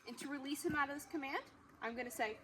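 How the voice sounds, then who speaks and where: A woman dog trainer explaining a training demonstration in a friendly way, breaking into high-pitched, excited praise for the dog. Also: fast. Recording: noisy background ambience.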